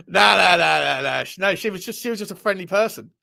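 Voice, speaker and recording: A man with an English accent and a rather high voice hosts a live show. He chats loosely with viewers, swears without a second thought and laughs at himself. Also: gravelly, bright, forceful tone. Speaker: host of a live fan show. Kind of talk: casual live-stream chat reacting to viewer messages.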